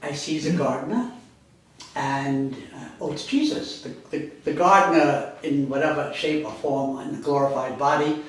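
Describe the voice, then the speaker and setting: A man's voice: a little high, normal speed. Man lecturing in an echoey classroom. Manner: rambling, self-correcting, conversational. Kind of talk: university lecture. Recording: echoey classroom, speaker far from mic.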